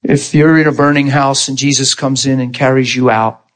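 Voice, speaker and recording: A man preaching a sermon, telling stories in an animated way and jumping up in pitch when he acts them out. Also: normal speed. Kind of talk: storytelling sermon.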